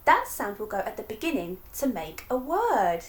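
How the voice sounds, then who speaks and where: A woman's voice: on the high side, very animated, moderate pace. A young woman hosting a children's phonics lesson, cheerful and encouraging, laughing often. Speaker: phonics teacher and host.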